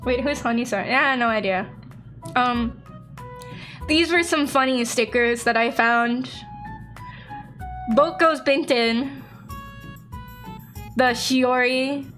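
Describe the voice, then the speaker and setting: Young woman VTuber, high pitched, excitable casual chatter, faint background music. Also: slow pace, pauses often. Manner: excitable, laughing, acts out quoted exchanges. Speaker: VTuber streamer. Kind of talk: casual chat stream.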